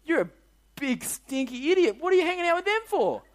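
A man doing the Pharisees in a storytelling bit, a high, whiny voice that leaps around as they scold. They sound indignant and self-righteous, like childish hecklers. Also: very animated, brisk.

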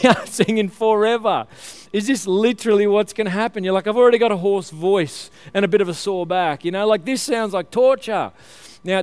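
A man's voice: fairly high pitch, darkish tone, clear, resonant tone, no echo. A man preaching a conversational sermon, often restarting his phrases and laughing lightly as he explains.

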